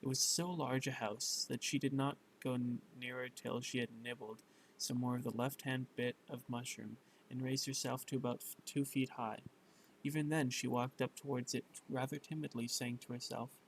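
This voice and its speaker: Guy reading a bedtime story out loud, gravelly voice, trips over words and fixes them. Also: mid-range voice, flat delivery, moderate pace, a little hiss or hum, rough recording. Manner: stumbling, self-correcting read-aloud with fillers.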